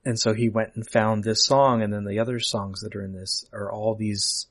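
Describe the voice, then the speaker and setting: A man's voice: lowish voice, level tone, moderate pace, fairly bright tone. A man hosting a podcast in a playful, teasing chat. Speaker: podcast host.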